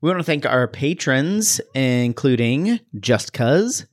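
A man co-hosting a podcast, easygoing in casual chat and brisk when reading the show's plugs. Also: mid-range voice, expressive. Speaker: podcast co-host.

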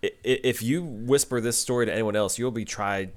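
A man's voice: medium pitch, a little fast. A man co-hosting a casual podcast, quoting favorite lines and laughing often. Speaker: podcast co-host. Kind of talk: casual recap chat.

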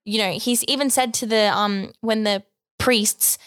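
A woman's voice: a little high, fairly even intonation, unhurried, fairly bright tone, clean tone, no echo, clean studio sound. A young woman co-hosting a casual faith podcast, chatty and reflective, with lots of fillers and restarts. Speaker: podcast co-host.

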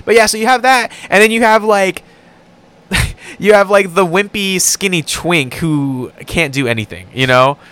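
A man co-hosting a podcast in casual chat, animated and swearing freely. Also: high-pitched, clean tone. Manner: animated, swearing, quick bursts. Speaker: podcast co-host.

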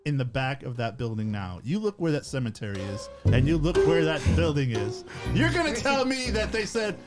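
Male podcast host, lively delivery over clear background music, spins a conspiracy yarn. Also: a little high, normal speed. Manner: storytelling, conspiratorial, laughs often. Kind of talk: casual podcast chat.

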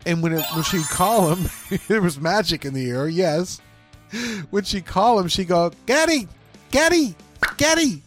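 A man's voice: a little high, moderate pace, soft background music. A man co-hosting a casual podcast, joking around and laughing often as he tells stories. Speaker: podcast co-host.

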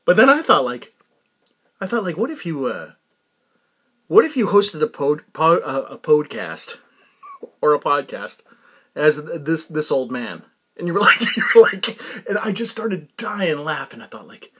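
Lively, self-amused male podcast host. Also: fairly high pitch, a little slow, slightly rough. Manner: rambling, laughs often, self-amused. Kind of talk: casual comic monologue.

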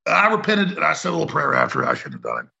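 Heavily gravelly ranting radio man. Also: on the high side, huge pitch swings, rapid-fire, pushed and bright, muffled recording. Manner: heated, rambling, emphatic. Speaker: talk radio host.

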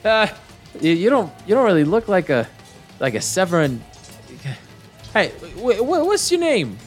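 A man voicing a suspicious male kobold soldier who stammers out quick questions. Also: sits high, huge pitch swings, soft background music, pitched above the performer's own voice.

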